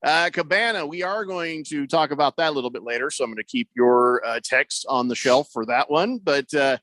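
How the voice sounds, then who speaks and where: A man hosting a sports radio show, chatting casually with his co-hosts and reading listener texts aloud with quick asides. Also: fairly high pitch, fairly bright tone, dry recording. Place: radio studio. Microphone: studio microphone.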